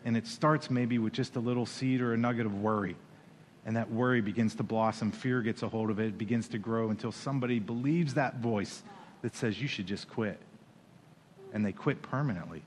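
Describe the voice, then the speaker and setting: A man preaching a sermon as pastor, animated, with playful asides and acted-out quoted voices. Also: mid-range voice, brisk, big-room sound, slight background noise.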